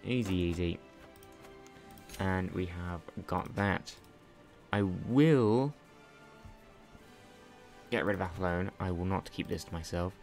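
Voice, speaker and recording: A young man with a very low voice chats through a strategy game at his desk, thinking out loud and poking fun at himself. Faint game music plays under his voice, with some keyboard clicks. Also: level tone, moderate pace. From not Irish. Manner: chatty, self-mocking, thinks aloud. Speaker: gaming channel host. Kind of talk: casual strategy game commentary. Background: faint game music and keyboard typing.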